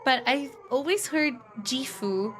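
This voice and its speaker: A young woman streaming a visual novel and chatting live with her viewers, animated, with frequent gasps and laughs. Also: sits high, slow, a little hiss or hum. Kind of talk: casual live-stream chat.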